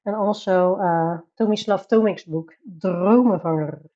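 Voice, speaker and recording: A Dutch woman chats her way through a coloring live stream at an unhurried pace, reading chat aloud and laughing easily. Her voice sits low and mellow. The sound is a little dull and lo-fi. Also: steady tone. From Netherlands. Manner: chatty, reads chat aloud, laughs often.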